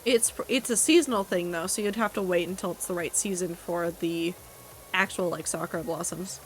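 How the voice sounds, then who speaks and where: A woman's voice: lowish voice, normal speed, slight background noise, rough recording. A woman streaming a game, chatting casually with her chat in a wry, talkative way and swearing now and then. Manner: chatty, wry, reacting to chat with asides and profanity.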